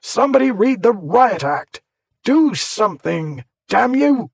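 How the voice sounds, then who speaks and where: A man doing a frantic shouting gentleman. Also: high voice, big pitch swings, unhurried, gravelly, no room sound, studio quality, pitched above the performer's own voice, full character voice. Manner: shouting in strained outbursts. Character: panicking, furious gentleman trapped in carriage.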